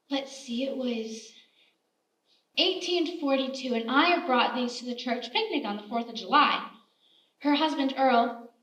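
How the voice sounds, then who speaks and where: Brief: actress as a bossy, kindly old-time homemaker, high voice, roomy stage sound from a distance. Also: female voice, a bit bright. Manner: motherly, scolding, chatty. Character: kindly, bossy frontier woman baker. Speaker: stage actor. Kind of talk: live stage play acting. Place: theater stage. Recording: roomy theater stage, heard from afar.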